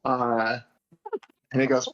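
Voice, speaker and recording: A man playing a tabletop role-playing game, describing his character's actions in a laid-back, halting way. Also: medium pitch, flat delivery, fairly bright tone, lo-fi sound. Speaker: player. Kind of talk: casual tabletop role-play narration.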